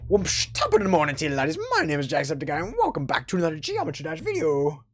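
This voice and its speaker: A man's voice: fairly high pitch, wildly swooping pitch, fast talker, voice pushed up. A man putting on a cheery Irish male YouTuber impression, with an exaggerated, bouncy greeting. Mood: chirpy. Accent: put-on Irish.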